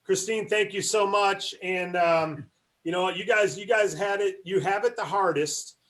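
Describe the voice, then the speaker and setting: High-voiced man leading a training call. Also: normal speed, fairly bright tone. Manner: encouraging, praising teammates. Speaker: sales team leader running a training call.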